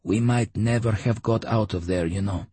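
Audiobook character: man doing a seasoned male traveler, higher than the narrator, hushed and confiding. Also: moderate pace, husky, dry recording. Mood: hushed uneasy. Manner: hushed, conspiratorial, musing. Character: wary, talkative male veteran traveler.

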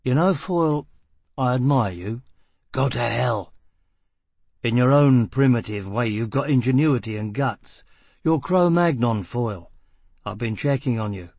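A man's voice: mid-range voice, animated, darkish tone, husky, dry recording. A man doing a cool, mocking boss. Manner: brisk, mocking, self-assured. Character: cool, menacing male boss.

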